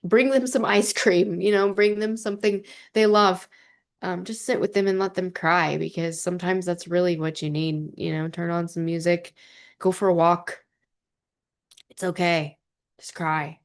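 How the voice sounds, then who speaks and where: A young adult woman talking gently and earnestly to camera about grief, with many fillers and restarts. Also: fairly low pitch. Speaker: vlogger. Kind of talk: heartfelt personal talk to camera.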